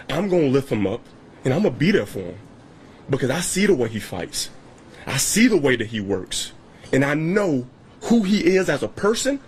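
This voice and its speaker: A man's voice: medium pitch, slight background noise. A man giving an earnest, supportive statement about someone he backs. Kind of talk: press statement.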